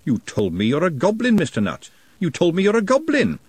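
A man with a husky voice voicing a sharp-tongued young woman who talks in a dry, exasperated way. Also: sits high, wildly swooping pitch, a little fast, dry recording, pitched above the performer's own voice, full character voice.

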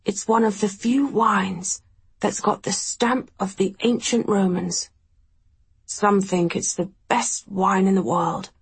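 Woman reader doing a dying charmer: weak, husky, unhurried, softly teasing. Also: medium pitch, steady tone, heavily acted. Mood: wistful. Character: dying gentle charming man, weak-voiced.

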